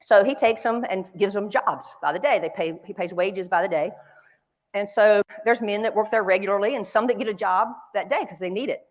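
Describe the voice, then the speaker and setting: A woman from North Carolina, speaking a little fast in a mid-range voice with a Southern accent, presents a keynote in a large conference hall. Chatty and self-deprecating, she tells stories as long hall reverb trails behind her.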